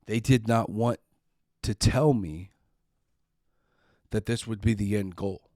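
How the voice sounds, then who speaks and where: A man's voice: on the low side, slow pace, warm tone, dry recording, studio quality. A middle-aged man hosting a podcast, telling a personal story in an earnest, emotional way and sometimes repeating words when upset. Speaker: podcast host.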